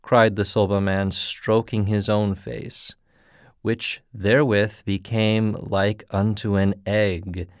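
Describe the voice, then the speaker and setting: Male storyteller, scripted narration, slow measured reading, smooth resonant voice, dry close sound. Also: fairly low pitch, little pitch movement, no echo.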